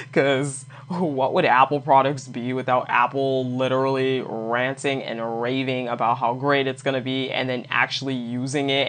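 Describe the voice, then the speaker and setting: A woman with an unusually deep, low voice hosts a casual solo podcast. She talks bluntly and swears freely, laughing often as she rants and throws in lively asides. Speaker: podcast host.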